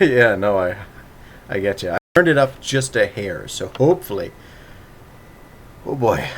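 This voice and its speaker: Streamer host, male, eager and teasing, quick to laugh, voice rising and falling freely. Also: fairly low pitch, very animated, a little hiss or hum. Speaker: streamer hosting a story reading. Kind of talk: casual chat on a live stream.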